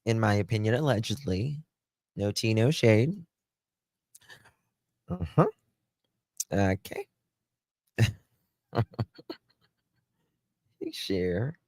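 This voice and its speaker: Slow, low-voiced man chatting on a livestream. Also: very animated, darkish tone, dry recording. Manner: chatty, greets viewers by name, trails off and restarts. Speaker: livestream host. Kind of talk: casual livestream commentary.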